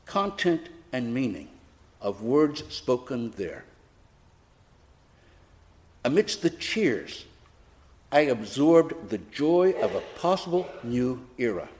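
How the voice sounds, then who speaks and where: A man preaching a sermon, telling a personal story in an unhurried, reflective way with touches of gentle humor. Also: mid-range voice, very animated.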